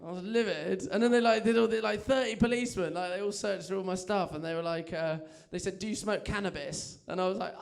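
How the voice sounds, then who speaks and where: Man, stand-up comic, high voice, gravelly, animated storyteller. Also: fast, few pauses. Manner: chatty, self-mocking, animated storytelling. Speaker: stand-up comedian. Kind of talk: stand-up comedy set. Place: comedy club stage.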